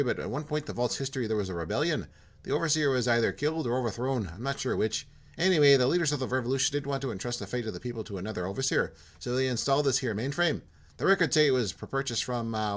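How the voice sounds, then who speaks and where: A man's voice: mid-range voice, expressive, fast, a bit bright, pitched above the performer's own voice, lightly acted. A man voicing a friendly, talkative male computer technician, with a Minnesota accent that drifts into Irish. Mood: friendly, chatty. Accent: Minnesota sliding into Irish. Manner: chatty, eager to explain.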